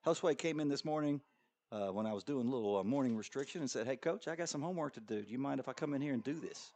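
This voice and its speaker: A middle-aged man doing play-by-play commentary for a school soccer match, joking around and bursting into excited high calls. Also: rapid-fire. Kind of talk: local sports commentary.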